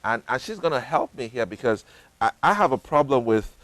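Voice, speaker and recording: A middle-aged male host from Africa speaking in a dry studio, his voice of medium pitch. He preaches in short, emphatic, repeated phrases, then chats in a loose, rambling way. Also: big pitch swings, a little fast, a bit bright, no echo, low-quality recording. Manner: repetitive, emphatic, breaks into high laughter. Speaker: TV talk show host. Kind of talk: preaching then casual interview.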